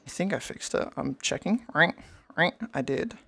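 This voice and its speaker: A woman's voice: deep voice, expressive, normal speed, creaky, fairly bright tone. A young woman live-streaming in casual chat, rambling and greeting her viewers by name over a headset mic.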